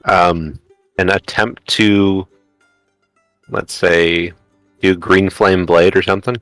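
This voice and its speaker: A man at a tabletop game who asks about the rules aloud and sounds unsure of them. His voice sits very low, and the recording is dry. Faint music runs underneath. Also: fairly even intonation, slow pace, a bit bright, no echo. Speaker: player. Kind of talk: casual tabletop game play.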